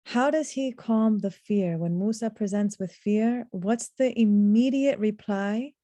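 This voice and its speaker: A woman teaching a reflective lesson on scripture, earnest and deliberate, drawing out the words she wants to stress. Her voice is mellow and soft-edged. The sound is close and dry. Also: mid-range voice, no room sound. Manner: earnest, slows to stress key words, recites Arabic verses. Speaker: Quran teacher.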